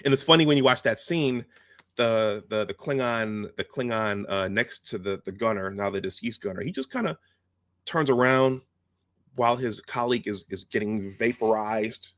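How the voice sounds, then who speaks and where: Low-voiced man retelling a film. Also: normal speed, a bit bright, dry recording. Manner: recounting scenes step by step, quoting lines. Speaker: host.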